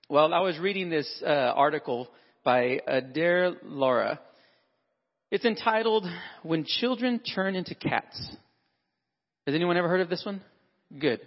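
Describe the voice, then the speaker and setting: Speaking at normal speed in a high voice, a man gives a chatty sermon-style talk to church fathers, performing everyday exchanges in lively character voices. The sound is muffled, with the feel of a large hall.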